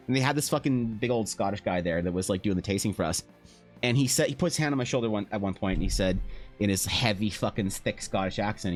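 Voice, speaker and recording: A man chatting casually with his stream viewers, telling rambling stories full of swearing. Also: on the low side. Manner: profane, rambling storytelling. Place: home.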